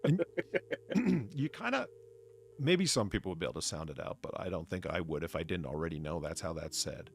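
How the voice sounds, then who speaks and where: Gravelly low-voiced man chatting casually. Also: sing-song, brisk, soft background music. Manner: rambling, profane, riffing on trivia. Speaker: podcast co-host. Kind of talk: casual chat.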